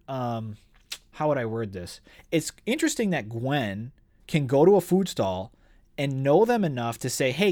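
A man's voice: on the high side, a little mellow, no echo, clean studio sound. A man co-hosting a casual book podcast, reading passages aloud and retelling characters' lines with animation. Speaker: podcast co-host discussing a book.

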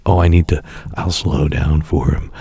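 Deep dark husky guy cracking crude jokes on a podcast. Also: little pitch movement, normal speed, no room sound. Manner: crude, storytelling, laughs often. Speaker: podcast co-host. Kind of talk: casual podcast banter.

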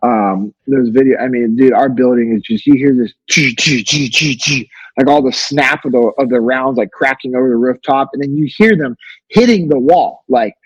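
A man's voice: medium pitch, moderate pace, darkish tone, husky, no echo, highs cut off. A man in his thirties telling stories casually as a podcast guest, laid-back with many fillers. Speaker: guest, former navy special operator. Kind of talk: casual storytelling.

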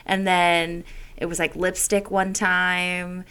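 Bright-voiced woman telling family stories. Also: on the low side, level tone, slow pace, clean tone. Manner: rambling storyteller, frank and laughing. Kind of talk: casual chat.

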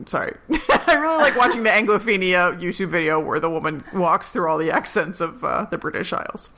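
A young woman co-hosting a podcast in casual chat, talkative and quick to laugh. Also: on the low side, lively intonation, pushed and bright. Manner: chatty, laughs often, quick asides. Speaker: podcast co-host.

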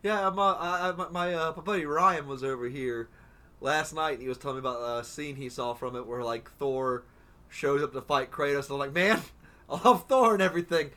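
A man on a casual podcast, ranting in profane bursts full of halting restarts. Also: medium pitch, steady tone, sharp tone. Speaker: podcast co-host. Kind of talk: casual chat.

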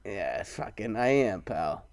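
A man co-hosting a casual podcast, swearing constantly and joking, slipping into loud mock voices. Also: fairly low pitch, sing-song, takes it slowly, creaky, no room sound, clean studio sound. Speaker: podcast co-host and singer.

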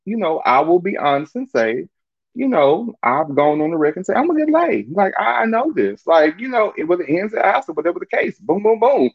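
A man tells a story in a lively, swooping voice, full of slang, swearing and frequent laughter. The recording is dry and a little muffled. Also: sits high, a little fast, vocal fry, no room sound. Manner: animated, profane, laughs often. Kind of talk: casual storytelling monologue.

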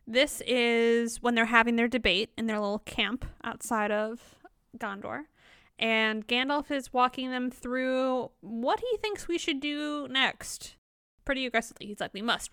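A woman's voice: on the high side, fairly bright tone, clear, resonant tone, dry recording, studio quality. A woman co-hosting a casual book discussion podcast, reading quotes aloud and playfully mimicking characters. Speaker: podcast co-host.

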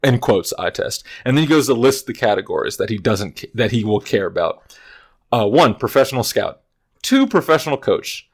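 A man's voice: mid-range voice, lively intonation, moderate pace. A young man hosting a casual sports podcast, rambling with restarts and sarcastic asides. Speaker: podcast host. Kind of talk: casual chat.

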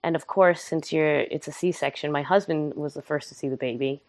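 Woman, low voice, dry close sound, candid and funny storyteller, emotional at times. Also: normal speed, a little mellow, no echo. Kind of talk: casual storytelling.

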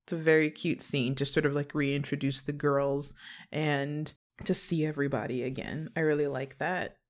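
A woman with a low voice chatting casually as a guest on a podcast. She talks in a hesitant, giggly way, full of fillers and restarts. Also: fairly even intonation, moderate pace. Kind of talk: casual chat.

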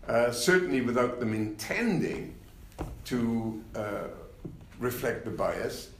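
An older man, a former party leader, telling anecdotes in an unhurried interview, with many fillers and wry laughs. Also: medium pitch, very animated, reverberant, a little hiss or hum. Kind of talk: reflective interview conversation.

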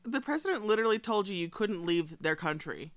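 A woman's voice: medium pitch, animated, fairly quick, no room sound. A woman in casual chat who reacts with exclamations and asks follow-up questions.

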